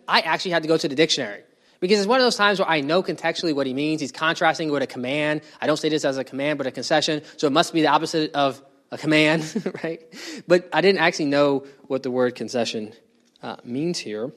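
A man with a somewhat high voice teaches a bible study. He talks through the passage in a conversational way and often stops to put questions to the people in the room. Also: quick pace, fairly bright tone. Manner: conversational, asks the group questions.

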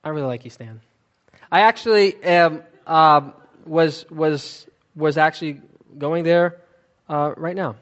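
A man's voice: fairly high pitch, a bit bright, muffled recording. Emphatic man teaching from the Bible. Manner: emphatic, conversational explaining.

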